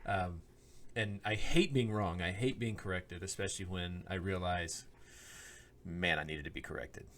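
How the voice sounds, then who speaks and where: Low-voiced man telling a personal story. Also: moderate pace, a bit bright. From Oklahoma. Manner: storytelling, acts out quoted lines, laughs often. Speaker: podcast co-host, minister. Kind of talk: casual chat, personal story. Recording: podcast microphone.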